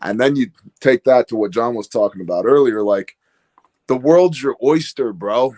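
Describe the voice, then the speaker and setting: A man's voice: mid-range voice, moderate pace, warm tone. A man talking casually as a podcast guest, rambling and storytelling with lots of fillers. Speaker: guest, business owner.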